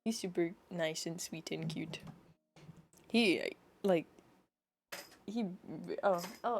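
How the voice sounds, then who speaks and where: A woman's voice: on the low side, slow pace, pauses often, darkish tone, slight background noise. A woman streamer reading a book aloud, giggling and chatting to her pet between passages. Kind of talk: casual chat and book reading.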